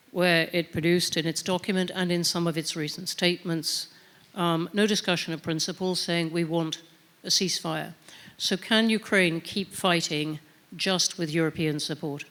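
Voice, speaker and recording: A woman's voice: on the low side, a bit bright. A woman moderating a forum panel, putting direct, probing follow-up questions to a speaker. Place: conference panel stage.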